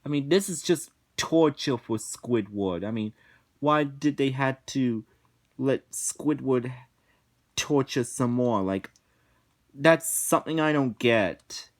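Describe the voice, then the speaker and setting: A man giving a casual review rant, talking slowly with frequent restarts, repetitions and swearing. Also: medium pitch, expressive. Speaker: episode reviewer.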